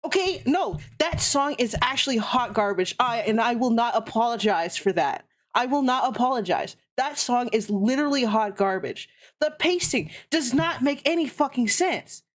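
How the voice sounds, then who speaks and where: A woman's voice: a little high, expressive, moderate pace. A young woman streamer ranting heatedly and sarcastically in casual chat, swearing constantly.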